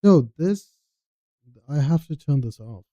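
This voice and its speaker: A man's voice: a little high, lively intonation, a little slow, mellow, dull audio. A streamer talking casually to himself while he tests his audio, muttering, repeating himself and swearing offhandedly. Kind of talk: casual talk to self while testing audio.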